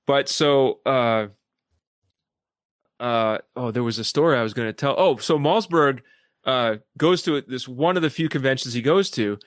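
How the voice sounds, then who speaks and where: A man who is a podcast guest, telling stories animatedly and acting out quoted people in lively voices. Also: mid-range voice, moderate pace, dry recording, studio quality. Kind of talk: casual discussion.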